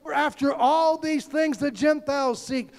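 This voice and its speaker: Fervent preacher, very high voice, calls out to the congregation. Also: male voice, steady tone, normal speed. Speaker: pastor. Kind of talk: sermon.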